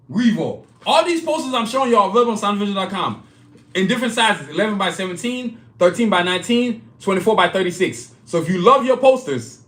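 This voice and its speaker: A man hosting a live stream, pitching his own comic art and merch in a hyped, casual way, repeating himself and talking straight to viewers. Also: a bit bright, roomy sound. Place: indoor studio, clothing hanging behind him.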